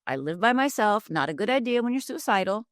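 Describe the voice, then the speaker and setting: A woman's voice: mid-range voice, sing-song, a little fast, no echo, studio quality. A middle-aged woman from Upper Michigan, a life coach and guest, telling her story candidly and vividly, acting out the lines of the people in it. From Upper Michigan, USA. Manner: vivid, dramatic retelling with acted-out quotes.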